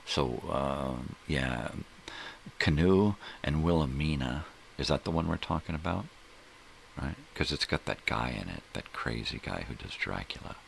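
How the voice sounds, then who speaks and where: A man's voice: rumbling low, expressive, measured pace, vocal fry, slight background noise. A middle-aged man hosting a casual solo morning stream. He rambles, jokes and swears, and often trails off while he searches for names. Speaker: host. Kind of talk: casual solo livestream chat.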